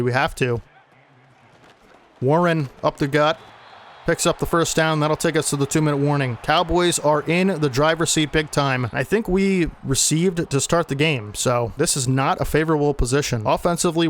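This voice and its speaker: Man, slightly high voice, casual play-by-play of his own football video game, sportscaster style, exasperated at bad plays. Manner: exasperated when plays go wrong. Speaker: gaming YouTuber.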